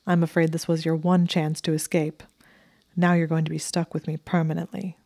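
A woman voicing a smug but devoted young male wizard, speaking his lines dryly and earnestly in her own low voice. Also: level tone, normal speed, creaky, darkish tone, no echo, clean studio sound.

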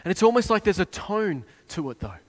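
A man preaching a sermon, retelling a scene with dramatic swings between hushed and loud delivery. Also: sits high, sing-song, fairly quick.

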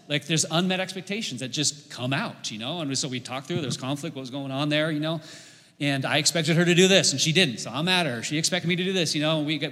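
Brief: middle-aged male pastor, bright forceful tone, slightly high, preaching with humor in a church hall with long reverb. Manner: leads the congregation in repeating lines, jokes and laughs. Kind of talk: sermon.

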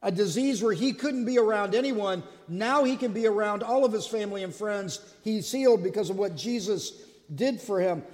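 Animated male pastor, high voice. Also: normal speed, big-room sound. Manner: animated storyteller, acts out quotes. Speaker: lead pastor. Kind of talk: sermon.

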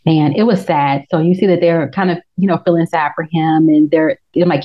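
A woman, recapping a TV episode in casual chat and acting out the characters in quick, laughing asides. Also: low-pitched, fairly even intonation. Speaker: podcast co-host. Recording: dull lo-fi sound.

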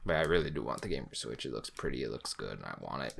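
A man's voice: rumbling low, big pitch swings, quick pace, vocal fry, a bit bright, slight background noise. A man, co-hosting a casual podcast, telling a rambling story and swearing freely. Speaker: podcast co-host.

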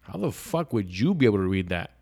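A man's voice: fairly low pitch, very animated, brisk, darkish tone. A man telling a personal story as a podcast guest, casual and profane, with lots of restarts. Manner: profane, rambling, with frequent restarts.

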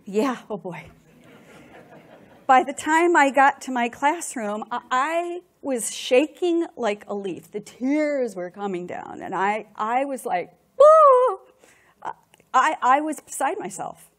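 Animated middle-aged woman telling her story. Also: high voice, slow. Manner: animated, emotional, repeats words when stirred. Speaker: speaker sharing a personal testimony. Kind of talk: personal storytelling to an audience.

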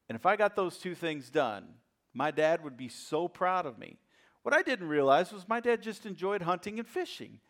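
A male pastor preaching a sermon in a church, swinging from loud emphasis to hushed asides and repeating phrases for weight. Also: mid-range voice.

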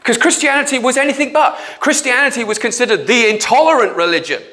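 High-voiced blunt male preacher. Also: fast. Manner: blunt, animated, acts out quoted voices. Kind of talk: sermon.

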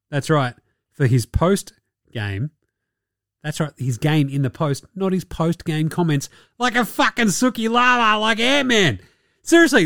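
A man with an Australian accent hosting a sports podcast, ranting casually with animated, mocking and sweary banter. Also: high-pitched, normal speed, no room sound, studio quality.

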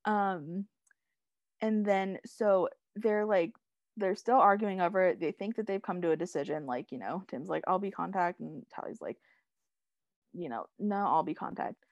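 Brief: young woman co-host, rambly recap voice, lower pitch, dry close sound. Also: a little slow, no room sound, highs cut off. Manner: rambling, heavy use of "like" and "um", laughs often. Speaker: podcast co-host recapping a TV episode. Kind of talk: casual chat.

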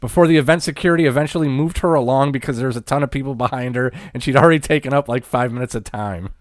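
A man's voice: mid-range voice, very fast, no room sound, clean studio sound. A man co-hosting a casual wrestling podcast, swearing and laughing as he reads quotes aloud. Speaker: podcast co-host. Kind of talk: casual chat.

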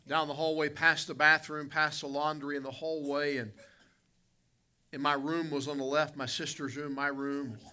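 A man's voice: fairly high pitch, flat delivery, moderate pace, pushed and bright, clear, resonant tone. A male pastor, preaching a sermon with folksy, dramatic storytelling and calling out to people in the congregation. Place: church conference hall.

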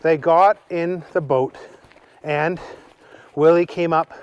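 A man telling an improvised children's story slowly while outdoors on a hike. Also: fairly high pitch, steady tone, clear, resonant tone, lo-fi sound. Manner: slow, unhurried storytelling.

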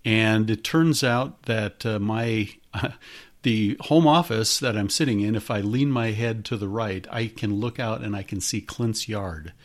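Middle-aged guy hosting a podcast, kinda low voice, rambly, lots of uhs. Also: measured pace. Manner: rambling, with many hesitations. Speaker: podcast host. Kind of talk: casual podcast chat.

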